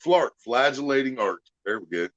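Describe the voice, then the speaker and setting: A man's voice: medium pitch, animated, moderate pace, fairly bright tone, dry recording. A man from the United States hosting a casual, profane chat, telling crude stories and laughing through them. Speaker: podcast host. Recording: dull lo-fi dry recording.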